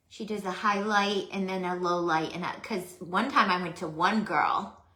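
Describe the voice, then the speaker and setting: A woman's voice: fairly low pitch, fairly bright tone, echoey room. A middle-aged woman hosting a casual craft livestream, chatting to viewers by name and laughing at herself.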